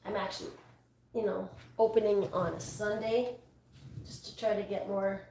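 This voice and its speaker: A woman's voice: medium pitch, fairly even intonation, moderate pace, warm tone. A woman, a dog groomer chatting casually and rambling with many restarts while she works in a grooming salon. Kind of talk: casual chat while working. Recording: echoey room, distant mic, faint noise.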